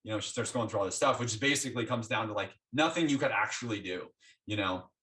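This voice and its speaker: Man telling his story, low voice. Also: quick pace, recorded from a distance. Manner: animated, acts out quoted dialogue with doctors. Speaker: interview guest. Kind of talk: conversational storytelling.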